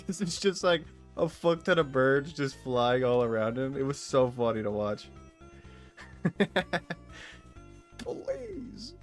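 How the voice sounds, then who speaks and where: A man's voice: medium pitch, moderate pace, soft background music. A man from Texas giving casual, rambling gameplay commentary as a streamer, swearing freely and laughing often.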